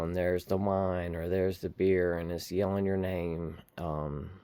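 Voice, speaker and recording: Deep-voiced man, slow earnest encouragement. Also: a little mellow, no echo. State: shivering from cold. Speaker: recovery vlogger. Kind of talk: heartfelt motivational talk to camera. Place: outdoors in the cold.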